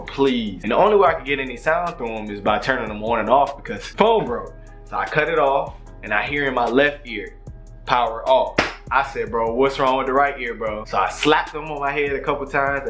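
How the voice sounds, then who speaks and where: A man in a casual vlog tells a story with lots of slang and swearing, his voice swinging up and down. The room is echoey, and faint music plays underneath. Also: medium pitch. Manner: animated, profane, slangy storytelling. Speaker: vlogger. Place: kitchen, cooking breakfast.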